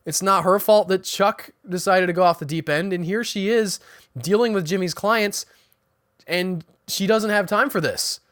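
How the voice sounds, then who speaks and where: A man's voice: high-pitched, moderate pace, fairly bright tone, no room sound, studio quality. A man hosting a podcast, giving a casual spoken recap of a TV episode, chatting loosely and restarting sentences as he goes. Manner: chatty, restarts sentences, paraphrases characters' dialogue.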